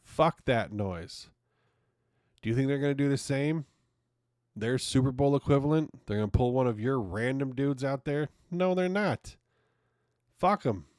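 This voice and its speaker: A man's voice: medium pitch, normal speed, darkish tone, no echo, studio quality. A man hosting his own podcast, ranting casually and swearing often in an exasperated way. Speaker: podcast host. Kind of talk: casual opinion monologue.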